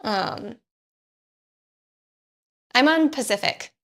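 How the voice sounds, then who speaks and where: Chatty california woman on a stream, kinda high voice, laughs a lot. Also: sing-song, very slow, creaky. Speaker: co-host. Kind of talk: casual chat on a live stream.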